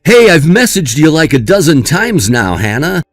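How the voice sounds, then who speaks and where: A man's voice: a little high, big pitch swings, normal speed, soft background music. A man playing a careless young groom who brushes off his bride with taunting, dismissive remarks. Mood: impatient.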